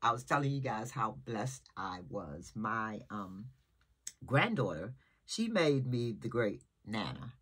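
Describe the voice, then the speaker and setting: A woman's voice: very deep voice, sing-song, slow, a bit bright, slightly rough. An older woman, a great-grandmother, chatting casually to her viewers at home, emotional and jumping from topic to topic. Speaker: vlogger. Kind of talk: casual rambling chat. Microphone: camera nearby.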